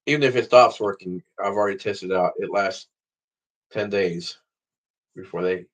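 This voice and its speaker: Speaking at a moderate pace in a low voice, a man vlogs casually straight to the camera, rambling along and swearing freely.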